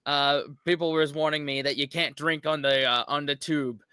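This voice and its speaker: A man with an American accent, hosting a reaction video in casual, halting commentary. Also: fairly high pitch, fairly even intonation, bright, forceful tone, clean tone, no echo, clean studio sound. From United States. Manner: chatty, halting with restarts. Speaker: reaction channel host.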